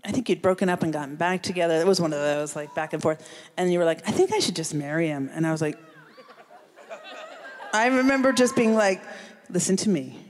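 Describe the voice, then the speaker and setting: A woman from New Jersey in a casual chat, telling lively stories about a friend and laughing often. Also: fairly low pitch, fairly quick, long pauses, a faint crowd, slight background noise. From Central New Jersey.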